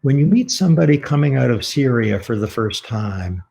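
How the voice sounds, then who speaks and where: A man delivers a public talk in a measured, reflective way, earnest as he turns personal. His mid-pitched voice carries a gravelly fry. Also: lively intonation, warm tone. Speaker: author giving a talk. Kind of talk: public lecture with a personal story.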